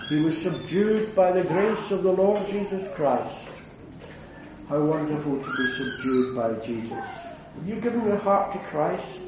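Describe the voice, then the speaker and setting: A man preaching an earnest evangelistic sermon, building to fervent declarations and then dropping low. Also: background noise. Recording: very echoey hall, heard from a distance.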